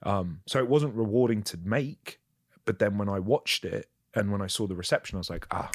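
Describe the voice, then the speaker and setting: With a lowish voice and a brisk pace, a man who acts shares candid, foul-mouthed, self-deprecating stories about his work in casual chat. The sound is studio quality, with no room sound at all.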